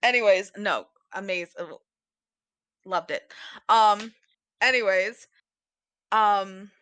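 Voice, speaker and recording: A woman's voice: medium pitch, takes it slowly, a bit bright, smooth, dry recording. A woman co-hosting a podcast, chatting casually about books in a rambling, giggly way with lots of fillers. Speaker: podcast co-host.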